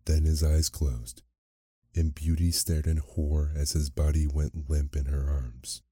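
Very deep, slow sleep-story narrator, man. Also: flat delivery, husky, dry recording, clean studio sound. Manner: slow, soothing, soft reading.

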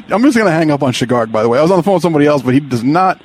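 A man's voice: fairly high pitch, lively intonation, rapid-fire. A man hosting a call-in radio show, joking around and laughing a lot. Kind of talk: casual call-in chat.

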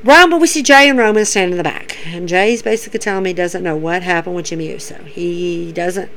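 Over a low-quality recording, a podcast host with a lowish voice talks a little fast. Her recap is casual, chatty commentary, an animated play-by-play in which she repeats herself.

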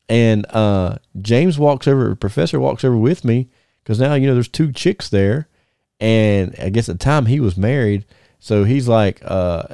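Gravelly man telling stories. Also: fairly low pitch, unhurried, dry recording, clean studio sound. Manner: animated, laughing storyteller with many restarts. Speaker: former wrestler, podcast co-host. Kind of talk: casual storytelling chat.

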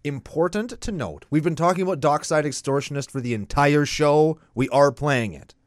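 A man co-hosting a casual card-game chat, joking and laughing with quick quips. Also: a little high, dry recording, studio quality. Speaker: co-host.

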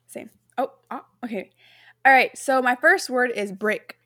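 A woman's voice: fairly high pitch, moderate pace, a bit bright, no echo, studio quality. A woman co-hosting a podcast in casual chat, playful, slangy and laughing often. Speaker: podcast co-host.

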